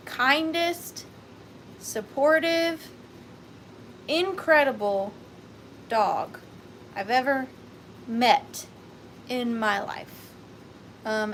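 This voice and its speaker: A woman's voice: fairly high pitch, a bit bright, slight background noise. A woman hosting a live online vintage sale, chatting casually and rambling with playful wordplay. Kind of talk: casual live-stream chat.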